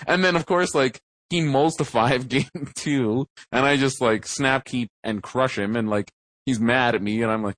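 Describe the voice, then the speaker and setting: A man's voice: medium pitch, normal speed, a bit bright, dry recording. Rambling man telling a story. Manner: rambling storyteller, many fillers and restarts. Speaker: podcast co-host. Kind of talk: casual chat.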